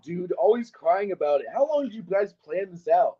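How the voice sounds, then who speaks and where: A man's voice: high voice, very animated, moderate pace, husky, dull audio. A man taunting and goading a rival in a heated online voice chat, in a mocking tone. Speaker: streamer calling in to a rival's stream. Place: online voice call.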